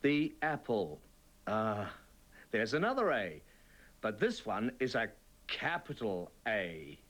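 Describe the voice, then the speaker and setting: Slow, lively-voiced man teaching children to read. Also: lowish voice. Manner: slow, clear, encouraging, sing-song. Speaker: reading teacher presenter. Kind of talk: children's TV reading lesson.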